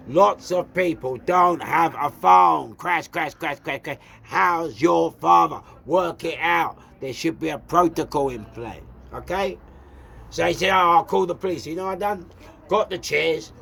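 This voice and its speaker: Fairly high in pitch, gravelly and with a breathy edge, the voice belongs to a London-accented man from England hosting his own show. He tells a story as a casual monologue, ranting and repeating himself with rhetorical questions and shouted outbursts.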